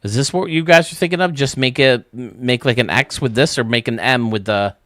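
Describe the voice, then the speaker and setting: A man's voice: mid-range voice, fairly quick, a bit bright, dry recording, studio quality. A man hosting a casual gaming stream, rambling and thinking aloud as he works, with frequent laughs. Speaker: streamer and game designer host.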